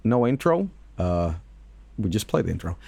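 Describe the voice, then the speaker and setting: A man streaming, casually reacting to videos with lively laughs and swearing. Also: on the low side, moderate pace, vocal fry, slightly rough, no echo.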